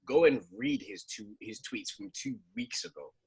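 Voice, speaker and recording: A man's voice: medium pitch, normal speed, creaky, slightly rough. A man talking emphatically in a casual podcast chat with friends. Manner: emphatic, lively ranting. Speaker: podcast co-host.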